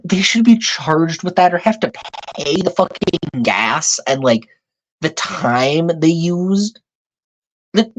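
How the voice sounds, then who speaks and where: A woman hosting a live stream, telling a story in a profane, exasperated, animated way. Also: on the low side. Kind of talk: casual storytelling rant. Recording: dull lo-fi stream audio.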